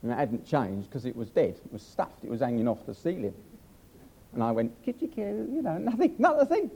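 A man's voice: medium pitch, sing-song, fairly quick, mellow, breathy edge. An older man preaching a humorous sermon, chatty and self-mocking as he tells stories.

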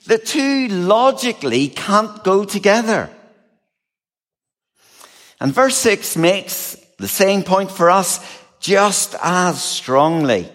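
A man preaching a sermon, measured and expressive, with a touch of dry humor. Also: sits high, long reverb tail.

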